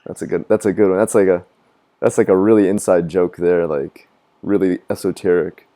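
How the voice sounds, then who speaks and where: A man on his live stream, chatting casually and rambling with a lot of swearing. He laughs at his own jokes and does high mocking voices of other people. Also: steady tone, a little fast, mellow. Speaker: gaming streamer. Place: living in Japan.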